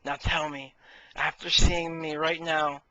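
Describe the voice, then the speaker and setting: A man voicing a vain, quick-tempered male boss with no ears who shouts in outbursts. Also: a little high, level tone, dry recording, poor audio. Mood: lecturing. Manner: shouts in outbursts, then gushes.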